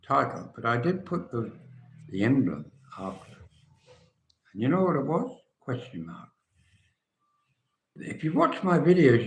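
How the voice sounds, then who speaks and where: An English man in his seventies chatting casually and frankly to viewers on a live stream, rambling and trailing off quietly at the ends of phrases. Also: mid-range voice. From England. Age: 70s. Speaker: vlogger. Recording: echoey room.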